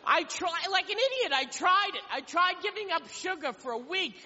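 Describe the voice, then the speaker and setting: A man's voice: extremely high pitch, expressive, moderate pace, bright, forceful tone. A man doing a stand-up comedy routine in a rambling, self-mocking storytelling manner, on stage before a live audience. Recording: lo-fi live club recording with hall echo and crowd.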